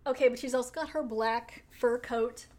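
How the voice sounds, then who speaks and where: A woman's voice: on the high side, normal speed. Chatty woman podcast host retelling a plot. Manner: animated retelling, laughing often. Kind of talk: casual chat reviewing an episode.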